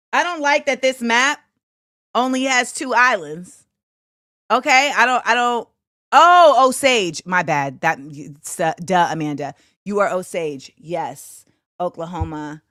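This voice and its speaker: A woman hosting a casual livestream, chatting with viewers. She jumps between loud, excited exclamations and quiet muttering to herself. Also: fairly high pitch, slow pace, no echo, studio quality. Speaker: host.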